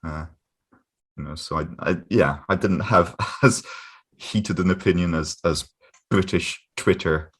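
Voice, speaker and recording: A man in a casual podcast chat who talks haltingly, with many pauses and short laughs. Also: deep voice. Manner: halting, lots of "uh" fillers, laughs often.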